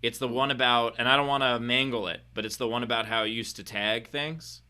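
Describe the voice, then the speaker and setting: Bright-voiced storytelling comedian. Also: male voice, mid-range voice, steady tone, fairly quick, smooth. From Queens, New York. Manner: loose storytelling with lots of fillers. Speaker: guest comedian. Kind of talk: casual video-call chat.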